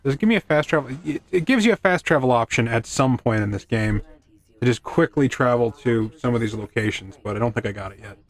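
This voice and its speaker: A gaming streamer rambles through casual commentary as he plays, tossing off self-deprecating quips and chatting to his in-game horse. He talks fast with a medium-pitched voice.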